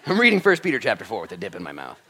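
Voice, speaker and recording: A male pastor preaching a sermon in church, animated and frank, acting out quoted speech with humor. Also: fairly low pitch, very fast. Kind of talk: sermon with storytelling.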